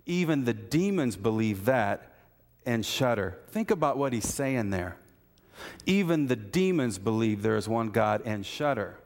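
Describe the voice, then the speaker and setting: A man's voice: mid-range voice, expressive, measured pace. A man preaching a sermon, telling folksy stories and asking repeated rhetorical questions of his congregation. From American Midwest. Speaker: pastor. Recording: hall reverb.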